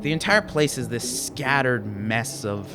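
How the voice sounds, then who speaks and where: A man's voice: mid-range voice, expressive, a little slow, over music. A man narrating as game master, describing scenes in detail and sometimes repeating words as he thinks.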